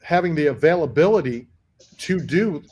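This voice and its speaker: A man's voice: on the high side, expressive, normal speed, a little mellow, breathy edge, dull audio. A man hosting a talk radio show in casual chat, arguing his points and repeating words as he goes. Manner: repeats himself, argumentative.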